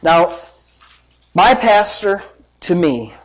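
A pastor preaching to a church congregation, energetic and emphatic, repeating phrases and asking rhetorical questions. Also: mid-range voice, extremely slow, breathy edge, rough recording. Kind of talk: sermon. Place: church service.

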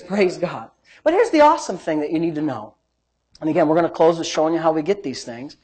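A man preaching a sermon, telling a personal story and swinging between loud exhortation and quiet, hushed storytelling. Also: on the high side, expressive, fast talker, husky.

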